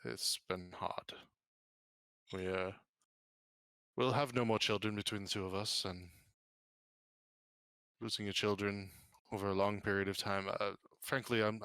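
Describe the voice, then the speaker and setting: A man voicing a grieving, soft-spoken village burgomaster who stammers and hesitates. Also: fairly low pitch, smooth, dry recording.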